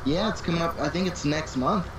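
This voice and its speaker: A man's voice: a little high, brisk, background noise. A man calling in to a stream, chatting casually and laid-back with lots of fillers. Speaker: caller. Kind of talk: casual phone-in chat.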